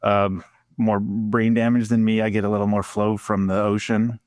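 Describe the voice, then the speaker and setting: A laid-back man from Long Beach with a general American accent chats as a podcast guest, joking easily and filling pauses with ums. His voice sits on the low side. The recording is dry and close. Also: flat delivery, darkish tone, no room sound. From California, Long Beach. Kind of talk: casual chat.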